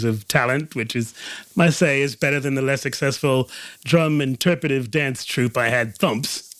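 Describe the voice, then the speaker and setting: A man's voice: a little high, a bit bright, no echo. A man doing a pompous talent manager.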